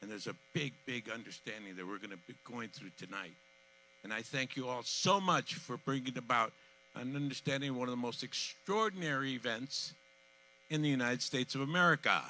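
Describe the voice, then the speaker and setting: A man of eighty speaking as master of ceremonies at an outdoor community event, heartfelt and emotional, repeating words and swinging from soft to loud. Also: medium pitch, brisk, poor audio. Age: 80s.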